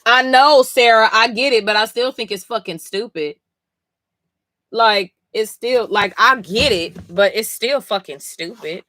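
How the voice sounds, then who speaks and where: This is a woman streamer reading a comic live on a sleepy night. She reacts bluntly and profanely, and sounds exasperated. Her voice is bright and a touch high, and the recording is dry, with almost no room sound. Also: expressive, a little slow, dry recording.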